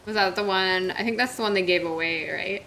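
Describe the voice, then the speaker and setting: A woman's voice: medium pitch, brisk, pushed and bright, slight background noise. A woman streaming a video game, chatting casually with her viewers, joking and reacting aloud.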